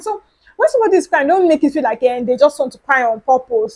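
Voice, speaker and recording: A woman's voice: sits high, animated, fast talker, darkish tone, low-quality recording. A woman hosting her own podcast, talking casually and earnestly and repeating her points for emphasis. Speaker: podcast host. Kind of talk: casual solo podcast talk.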